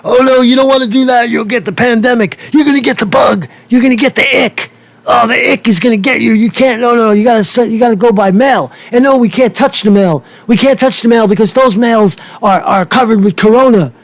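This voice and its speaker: A man putting on a high, whiny voice to mock a fretful official who warns about catching a bug. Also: brisk, vocal fry, no echo. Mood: mocking alarm. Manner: mocking, sing-song, alarmed.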